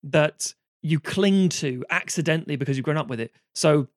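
A man, co-hosting a casual chat, animated and sweary, on a close mic. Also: on the high side, no echo. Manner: animated, sweary, quick-fire. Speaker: podcast co-host.

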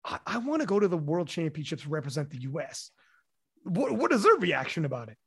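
A man hosts a casual podcast, firing off loose questions. His voice runs high and swings widely in pitch, with a husky grain. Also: big pitch swings, brisk, fairly bright tone. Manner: loose, profane, laughing reactions. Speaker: podcast host.

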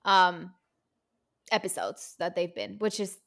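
A woman's voice: on the low side, steady tone, slow pace, vocal fry, fairly bright tone. A woman co-hosting a podcast in casual chat, rambling and restarting her sentences with many fillers. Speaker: podcast co-host.

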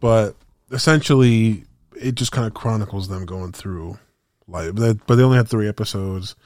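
On a podcast he co-hosts, a man rambles casually in slangy speech full of fillers and restarts. His voice is on the low side and slightly mellow, moving at a moderate pace. The studio sound is clean and echo-free.

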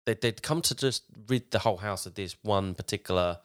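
Fairly low and fairly quick, this man's voice carries a podcast host casually telling a story. He rambles as he retells it, with frequent restarts.

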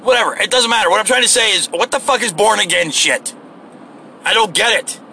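Bright-voiced man ranting bluntly. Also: sits high, a little fast, vocal fry, slight background noise. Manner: blunt and swearing, animated. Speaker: vlogger. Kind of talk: casual profane rant to camera.

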